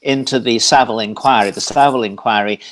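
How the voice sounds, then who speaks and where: Halting male interviewer over a video call. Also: medium pitch, a bit bright. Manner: halting, hedging with fillers. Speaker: interviewer host. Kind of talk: interview question.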